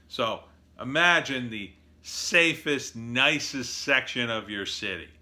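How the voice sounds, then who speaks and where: A man delivering a sarcastic, animated opinion monologue as a political commentator. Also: mid-range voice.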